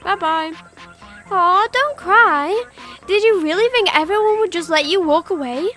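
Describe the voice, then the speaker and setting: A gleefully cruel girl host of a game show, mocking and coldly sweet, as a woman reads her lines aloud. Her voice sits very high and sing-song, teasing her victim. Faint game music plays underneath. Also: measured pace, bright, forceful tone, exaggerated voice. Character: cheerful sadistic girl hosting a show. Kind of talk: reading game dialogue aloud.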